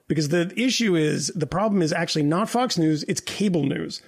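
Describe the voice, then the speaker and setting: A podcast co-host launches into a heated, profane political rant, throwing in mocking quoted voices. His voice is fairly high, gravelly and brisk, with a breathy edge.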